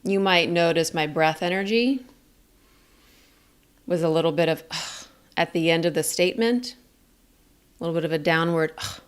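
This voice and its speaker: A woman teaching a communication lesson in a calm, clear, explaining way. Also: on the low side. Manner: calm, explains slowly and clearly, demonstrates statements. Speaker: communication coach.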